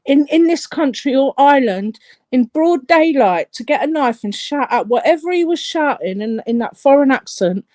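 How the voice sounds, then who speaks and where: A woman's voice: high voice, animated, moderate pace, warm tone, dry recording. A woman arguing irately on a panel. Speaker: panel guest. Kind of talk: heated panel discussion.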